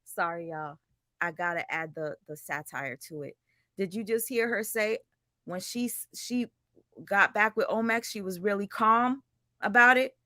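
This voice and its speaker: A woman's voice: mid-range voice, a little slow, pushed and bright, dry recording, studio quality. A woman narrating drama commentary in a blunt, sarcastic, profane way. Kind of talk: casual commentary voice-over.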